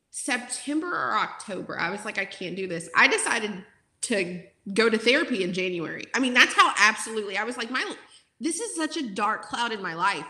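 A woman's voice: on the high side, pushed and bright, roomy sound. A woman in her forties, a former teacher, talking in an interview in an outspoken, emotional way with many fillers. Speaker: guest, former teacher turned content creator.

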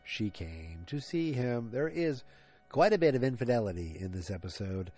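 A man's voice: medium pitch, very animated, normal speed, mellow, faint music behind. A man casually recapping a TV episode in a chatty, digressive way. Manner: chatty, digressive, self-aware. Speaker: podcast host recapping a TV episode. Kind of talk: casual chat.

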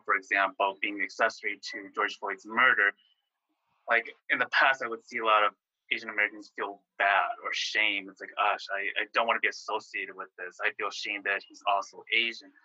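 Bright, tense-voiced male podcast host. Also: on the low side, no echo, muffled recording. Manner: earnest, measured, filler-heavy. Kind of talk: interview questions.

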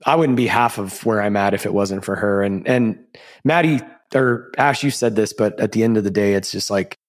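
Male podcast co-host: lowish voice, candid and loose, casual swearing.

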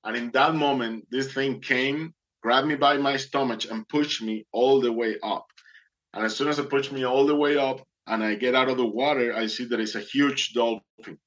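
A man's voice: mid-range voice, fairly even intonation, moderate pace, a bit bright, highs cut off. A man earnestly telling a dramatic personal testimony, acting out the people in it. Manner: earnest, dramatic, acts out voices.

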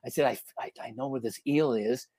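Animated storytelling man, dry sound. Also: medium pitch, brisk, dry recording. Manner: animated, rambling anecdotes with lots of fillers. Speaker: podcast guest, former reality show contestant. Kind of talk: casual storytelling interview.

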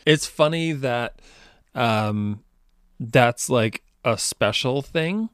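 Male podcast co-host, wry and joking, mid-pitched, dry close mic. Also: drawn-out words, fairly bright tone, clear, resonant tone, no echo. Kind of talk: casual chat.

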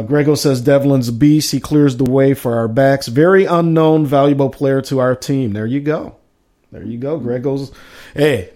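A man hosts his own live sports show, reading off player names one by one and tossing in quick asides. His voice sits at an ordinary pitch. He sounds like he is talking into a home podcast mic. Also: warm tone. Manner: reads out a list with running asides. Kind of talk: casual live sports talk.

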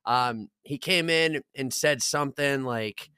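A man's voice: medium pitch, slow pace, pushed and bright, clean tone, no room sound, studio quality. A young man on a podcast, telling a story in casual chat, swearing a lot and acting out the lines of the people in it. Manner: swears a lot, laughing storyteller, acts out quotes. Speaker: podcast co-host.

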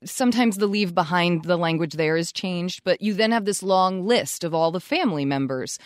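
A woman's voice: lowish voice, normal speed, no echo. Chatty woman podcast co-host, dry sound. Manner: chatty, laughs often, says "like" a lot. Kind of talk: casual etiquette advice chat.

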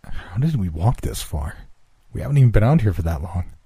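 A man voicing a frightened, jumpy teenage boy who stammers and squeaks. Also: moderate pace, dark tone, breathy edge, no echo. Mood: scared.

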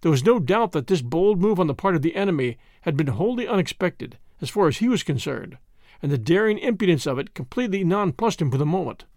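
A man with a high, animated voice reads a classic novel aloud as an audiobook, in measured, expressive storytelling. The recording is dry and close, with no room sound. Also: no echo. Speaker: host and narrator. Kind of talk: scripted audiobook narration.

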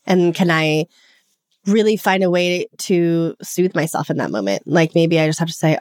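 A woman's voice: fairly low pitch, normal speed, no echo, clean studio sound. Earnest coach woman in her forties. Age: 40s. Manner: earnest, animated, laughs often. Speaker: guest coach. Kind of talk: podcast interview conversation.

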